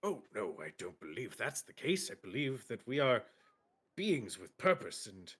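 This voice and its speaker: A man's voice: lowish voice, very animated, moderate pace, fairly bright tone, slightly rough, exaggerated voice. A man voicing an earnest, polite male sentient sword who speaks of purpose and free will.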